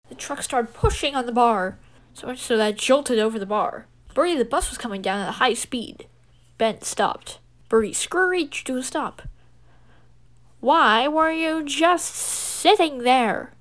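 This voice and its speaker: A woman telling a home-made toy train story in a plain, unhurried manner. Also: sits high.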